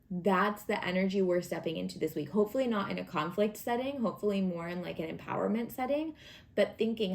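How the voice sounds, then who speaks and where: Speaking a bit quickly in an expressive, creaky mid-range voice, a woman gives her weekly tarot reading. The tone is warm and upbeat, loaded with fillers and little acted asides.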